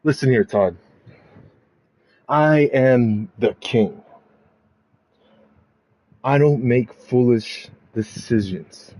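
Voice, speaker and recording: A man voicing a domineering male wrestling stable leader who calls himself king, speaking slowly and with command in a dark, mellow voice. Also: mid-range voice, voice pushed down, low-quality recording.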